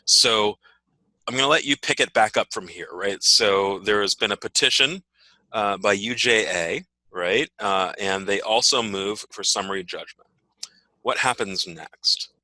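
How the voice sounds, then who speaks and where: Man, law professor, very low pitch, sharp bright tone, dry sound, keeps asking "right?". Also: measured pace, no room sound, low-quality recording. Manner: frequent "right?" checks and fillers. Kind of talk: teaching a class discussion.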